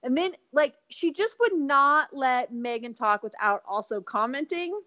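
A woman co-hosting a podcast, telling a gossipy story in animated casual chat and laughing often. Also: high voice, unhurried, no room sound, highs cut off. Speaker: podcast co-host.

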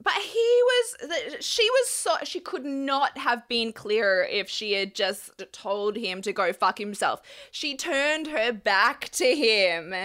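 Woman roasting a dating show guy, bright voice, talks slow and drawn out. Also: on the high side, expressive. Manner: blunt, indignant, swears freely. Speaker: podcast co-host. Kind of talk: casual chat recapping a reality show.

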